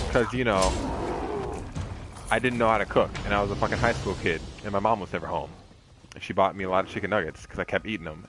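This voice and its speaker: A young man casually commentating while he streams a game, rambling off on tangents in a laid-back, heavily profane way. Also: fairly low pitch. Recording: game music playing behind the voice.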